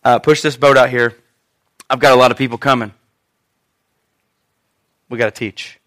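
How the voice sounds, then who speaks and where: A preacher voicing Jesus, calm and urging. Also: male voice, medium pitch, moderate pace, voice pushed down, close to an everyday voice. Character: Jesus, calm male teacher giving instructions.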